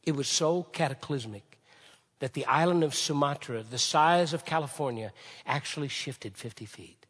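A man preaching a sermon with passion, swinging from shouted peaks to hushed, quiet lines. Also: fairly high pitch, moderate pace, husky. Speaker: pastor. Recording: long hall reverb.

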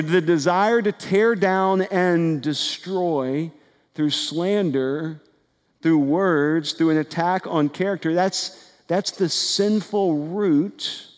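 A man preaching a sermon in an earnest style. He builds to emphatic repeated phrases and drops low and quiet on key words. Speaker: pastor. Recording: long hall reverb.

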